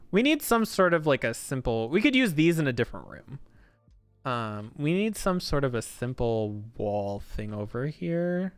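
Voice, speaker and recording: A man chatting his way through a game stream, his speech rising and falling a lot as he thinks aloud. The sound is smooth and clear, close and dry, and slightly worn from hours of talk. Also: medium pitch, no echo. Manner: rambling, thinking aloud with many fillers. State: slightly worn from long talking. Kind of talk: casual gameplay commentary.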